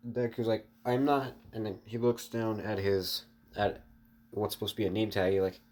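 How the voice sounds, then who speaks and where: Guy rambling thru a made up story for his viewers, lots of uhs, kinda low voice. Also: fairly even intonation, moderate pace, a little mellow. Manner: rambling, many fillers and restarts, talks to viewers. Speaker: online storyteller. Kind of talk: casual improvised story narration.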